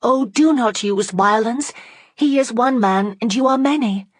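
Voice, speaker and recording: A woman reading an audiobook voices a young woman urgently pleading with an angry crowd, her voice raised high. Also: unhurried, dry recording, studio quality.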